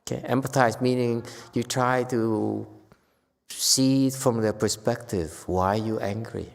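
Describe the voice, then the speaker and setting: A man giving a casual Buddhist talk to a group, with loud bursts when he acts out quoted lines. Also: mid-range voice, a little slow, vocal fry, big-room sound. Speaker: Buddhist teacher. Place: temple hall.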